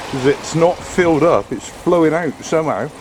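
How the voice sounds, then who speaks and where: A man's voice: fairly high pitch, lively intonation, moderate pace, noisy background. A man filming a casual vlog on a street and in his car, grumbling and exasperated, out of breath. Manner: grumbling, exasperated, swears mildly. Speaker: vlogger. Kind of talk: casual vlog commentary while walking and driving. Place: outdoors on a street in the rain, then inside a car.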